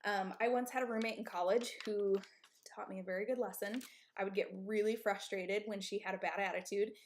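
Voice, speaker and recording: A woman's voice: mid-range voice, fairly even intonation, a little fast, a little hiss or hum. A woman in her thirties who owns and coaches at a gym, giving candid, emphatic advice on a live stream. She often checks in with "okay?" and "right?". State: out of breath.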